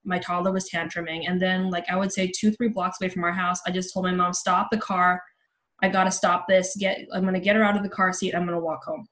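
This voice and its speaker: A woman's voice: on the low side, level tone, fast, a bit bright. Woman telling a personal story candidly. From Los Angeles. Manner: candid, frequent "like" and "um" fillers. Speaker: podcast guest, journalist. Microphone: remote call.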